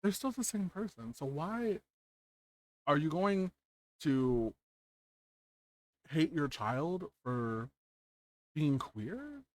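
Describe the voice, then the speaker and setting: A man's voice: a little high, big pitch swings, extremely slow, long pauses. A man hosting an interview chat, earnest and emphatic, repeating key words for weight. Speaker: host.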